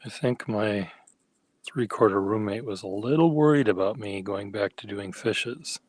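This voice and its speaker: A man talking casually to himself while making a craft, halting and soft-spoken, thinking aloud. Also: on the low side, no echo.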